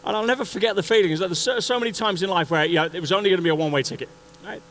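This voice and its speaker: A man giving a motivational talk at a conference, telling a story in an animated way and acting out the scenes. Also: sits high, very fast, low-quality recording. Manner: animated, acts out scenes and voices. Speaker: conference speaker. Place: conference stage before an audience.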